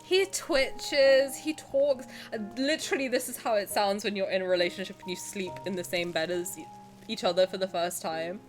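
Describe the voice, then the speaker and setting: A woman's voice: mid-range voice, moderate pace, faint music behind. A young woman streamer chatting casually and candidly while she plays a game, joking and swearing freely. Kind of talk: casual live-stream chat while gaming.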